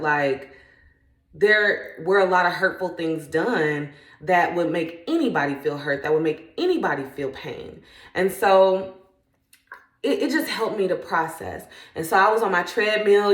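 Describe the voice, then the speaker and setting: A woman's voice: lowish voice, reverberant. A woman who is a parent, sharing reflective faith-based thoughts in an earnest, conversational way. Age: adult parent. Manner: earnest, conversational, often trails into "like". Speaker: self-help vlogger.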